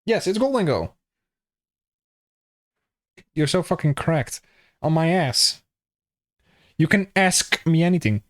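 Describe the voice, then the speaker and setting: A young man with a Dutch accent talks loosely to his stream chat, joking and cursing as he plays. His voice sits a little high for a man, and his delivery is casual and offhand. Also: a little slow, long pauses. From Netherlands. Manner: jokey, swears freely, chats with viewers.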